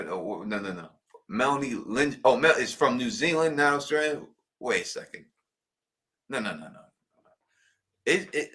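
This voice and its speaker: A man co-hosting a casual livestream, excitable and prone to stumbling restarts while reading comments. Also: mid-range voice. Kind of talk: casual call-in livestream chat.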